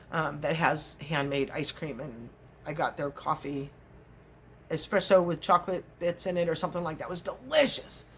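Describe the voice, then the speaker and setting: A woman's voice: deep voice, slight background noise. A middle-aged woman vlogger chatting casually, rambling through stories, laughing often and acting out little scenes. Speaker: crochet vlogger.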